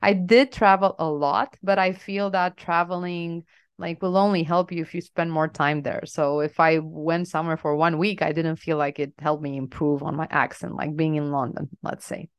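Smooth-voiced Romanian woman, lower pitch. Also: fairly even intonation, normal speed. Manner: self-deprecating, laughs often. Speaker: podcast co-host. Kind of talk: casual podcast chat.

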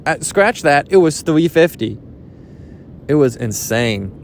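A young man rambling jokily in a casual vlog, swearing now and then, his pitch jumping up when he gets excited. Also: takes it slowly, gravelly, a little hiss or hum. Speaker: vlogger. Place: outdoors at a beach.

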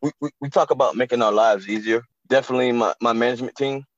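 A man who manages a restaurant, guest on a podcast, talking earnestly in a halting way and often repeating words. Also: mid-range voice, fairly even intonation, no room sound, dull audio. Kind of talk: casual interview chat.

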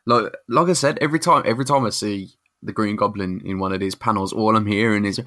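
A man's voice: on the low side, quick pace, sharp tone, no echo. A young man co-hosting a podcast, laid-back and making dry jokes. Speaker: podcast co-host. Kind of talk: casual podcast chat.

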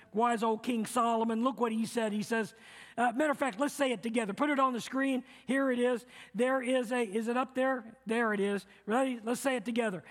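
A middle-aged male pastor preaching a sermon, earnest and repetitive, leading the congregation to repeat lines back to him. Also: very high voice. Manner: earnest, repeats phrases, leads the congregation in call-and-response. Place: church sanctuary. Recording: long reverb of a church hall.

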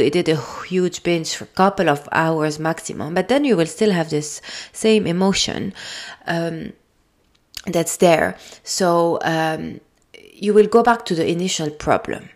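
A woman speaking English with a French accent hosts a solo podcast. Her voice sits a little low, and she talks in an easy, reflective way, often pausing on fillers and restarting her words. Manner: thoughtful, gentle, with frequent fillers and restarts. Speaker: podcast host. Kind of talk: casual solo podcast talk.

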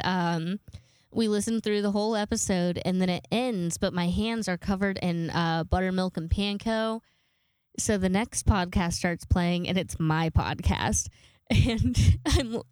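A woman's voice: lowish voice, darkish tone, clean tone, dry recording, studio quality. A young woman hosting her own podcast, telling stories in a casual, self-deprecating way with lots of fillers and laughs. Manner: chatty, giggly and self-deprecating, with many fillers. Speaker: podcast host. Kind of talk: casual solo podcast chat.

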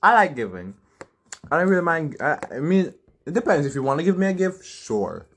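A man's voice: fairly high pitch, very animated, fairly quick, slightly rough. A young man chatting casually and bluntly, trading opinions and laughing easily. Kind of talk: casual chat.

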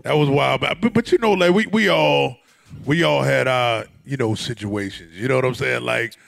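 A man's voice: medium pitch, moderate pace, gravelly, a bit bright, no room sound. A man co-hosting in casual chat, chiming in with short agreements. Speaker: co-host.

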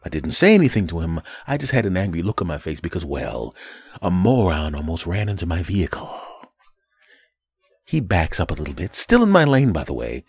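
Very deep-voiced crude podcast host. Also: male voice, very animated, fairly quick, husky. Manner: crude, joking, rambling storytelling. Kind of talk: casual solo podcast monologue.

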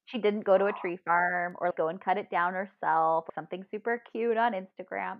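A woman's voice: mid-range voice, normal speed, few pauses, no echo, phone-quality sound. A woman co-hosting a podcast, telling stories in a casual chat with lots of laughter. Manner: animated storytelling, laughs often. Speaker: podcast co-host.

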